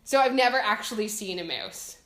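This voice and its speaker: Fielding viewer questions about her home country, this young woman speaks with a Canadian accent in an animated, fairly quick, medium-pitched voice with a fairly bright tone. Her casual chat is giggly and self-deprecating. She's recorded in an echoey room.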